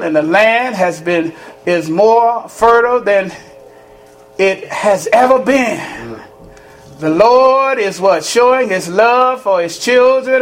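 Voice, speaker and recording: A male pastor preaching a sermon, shouting and repeating calls to the congregation, which answers him. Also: high voice, a little hiss or hum. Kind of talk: sermon with call-and-response. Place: church sanctuary. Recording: echoey church with congregation. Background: congregation calling back.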